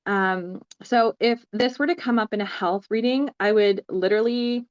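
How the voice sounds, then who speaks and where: A woman's voice: mid-range voice, fairly even intonation, moderate pace, clear, resonant tone, muffled recording. A woman co-hosting a casual chat about tarot cards, thinking aloud with many fillers. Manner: thoughtful, lots of fillers. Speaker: tarot reader and co-host.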